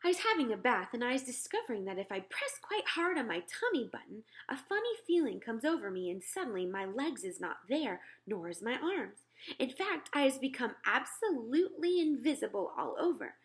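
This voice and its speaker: A woman voicing an excitable, boastful young boy who tells his dream with broken grammar. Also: a little high, brisk, pitched above the performer's own voice. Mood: excited.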